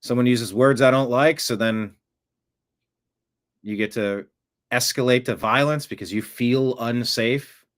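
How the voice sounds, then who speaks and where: A man's voice: mid-range voice, unhurried, pauses often. A man hosting a commentary show, reacting to a video clip in a sarcastic, mocking way.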